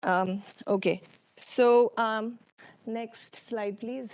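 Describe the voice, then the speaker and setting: A woman with an Indian English accent presenting a lecture with slides, unhurried, with many ums and uhs and questions to the audience. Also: mid-range voice, a little mellow, dry recording. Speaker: workshop speaker. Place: conference hall.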